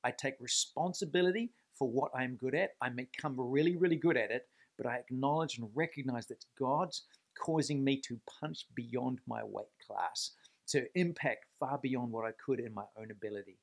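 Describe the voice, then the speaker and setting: A man's voice: mid-range voice, moderate pace, vocal fry. A man giving a faith-based leadership talk to camera, earnest and emphatic, stressing points by repeating words and posing rhetorical questions. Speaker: Christian leadership speaker.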